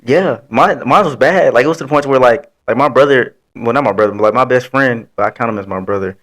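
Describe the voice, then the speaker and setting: A man's voice: medium pitch, quick pace, fairly bright tone. A man co-hosting a podcast, speaking candidly in laid-back casual chat. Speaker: podcast co-host.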